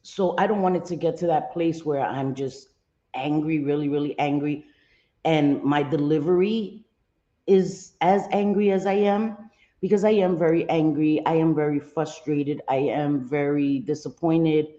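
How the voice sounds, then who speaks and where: A low, mellow-voiced woman hosts a casual livestream, stopping to greet viewers by name as she talks things through with plenty of ums. Her voice comes through a dull, lo-fi line in a roomy space. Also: fairly even intonation, measured pace. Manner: earnest, candid commentary. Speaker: livestream host.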